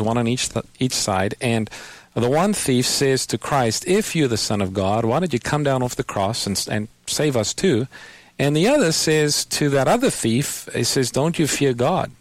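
A man hosts a call-in Bible program, walking a caller through scripture step by step. His voice sits at an ordinary pitch and reaches the listener dry and close, with no room around it. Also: animated, moderate pace, no room sound. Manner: patient, explanatory, quotes scripture. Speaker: radio Bible program host. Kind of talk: call-in radio Bible answers.

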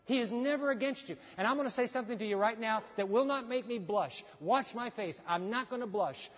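A man preaching a sermon as pastor, telling a story with animated voices for the people in it. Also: extremely high pitch, a little fast. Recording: dull sound with long hall reverb.

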